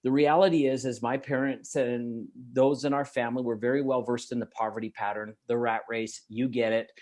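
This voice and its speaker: Energetic Canadian motivational speaker man. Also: medium pitch, a little fast. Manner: energetic, emphatic, laughs easily. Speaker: guest speaker. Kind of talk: motivational talk.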